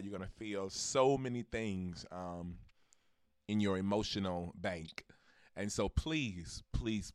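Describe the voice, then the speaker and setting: A man from Georgia, hosting a podcast and making an excited announcement to his listeners with preacher-like calls to action. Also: fairly low pitch, dry recording, studio quality. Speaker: podcast host.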